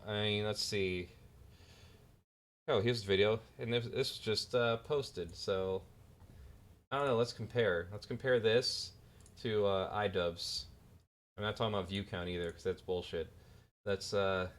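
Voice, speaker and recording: A man's voice: fairly low pitch, fairly even intonation, measured pace, pauses often. A man casually commenting on online videos, laid-back and teasing, with chuckling asides. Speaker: commentary YouTuber. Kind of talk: casual commentary over clips.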